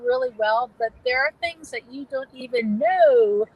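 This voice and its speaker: A woman's voice: high voice, measured pace, a little mellow, rough recording. A middle-aged woman with a New England accent, chatting casually as a guest, with lots of fillers and restarts. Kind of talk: casual video chat.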